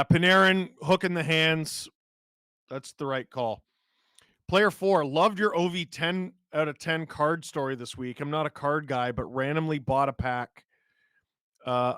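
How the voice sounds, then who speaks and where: A man hosts a live hockey watch-along with a hoarse, cold-roughened voice pitched on the high side. Rapid play-calling mixes with chat reading and sudden excited shouts, and the recording is dry.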